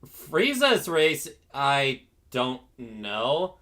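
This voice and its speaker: A man's voice: medium pitch, big pitch swings, extremely slow, bright, forceful tone. A man streamer chatting casually with friends, often restarting sentences and laughing easily. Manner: restless, stumbles over his words, laughs easily. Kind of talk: casual chat.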